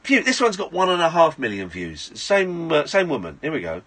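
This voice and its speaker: Bright, animated radio host. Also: male voice, on the high side, moderate pace. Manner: incredulous, running commentary on videos. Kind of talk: late-night radio chat.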